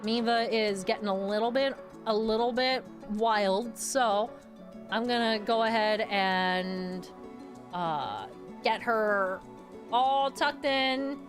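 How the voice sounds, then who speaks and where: A woman streamer chatting casually with her viewers while playing games, excitable and quick to laugh. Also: a little high, soft background music. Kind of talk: casual live-stream chat while gaming.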